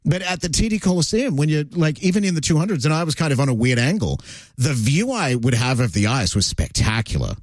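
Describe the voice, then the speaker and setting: On his radio show, a man speaks briskly in a fairly high-pitched voice, recorded dry without echo. His on-air talk is loose and chatty, with lively storytelling peppered with filler words.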